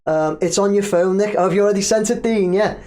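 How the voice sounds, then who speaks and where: A man's voice: sits high, fast talker, a little mellow. Chatty man hosting a live stream. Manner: chatty, reads viewer comments aloud and laughs easily. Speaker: livestream host. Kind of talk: casual live chat.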